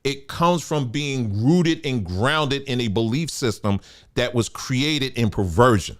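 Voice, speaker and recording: A man's voice: mid-range voice, expressive, takes it slowly. A man hosting a commentary show, delivering an emphatic, preachy monologue. He calls his listeners family and repeats phrases for emphasis. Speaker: show host.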